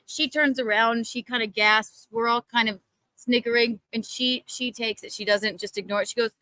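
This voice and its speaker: A woman chatting casually, giggly and animated as she tells anecdotes. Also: a little high, moderate pace, no echo, low-quality recording. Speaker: livestream co-host. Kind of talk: casual chat.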